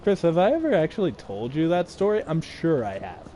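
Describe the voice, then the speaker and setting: A man's voice: fairly high pitch, sing-song, a little fast, warm tone, slight background noise. A young man casually telling a funny personal story while playing a game, laughing often and acting out the people he quotes. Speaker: gaming video host.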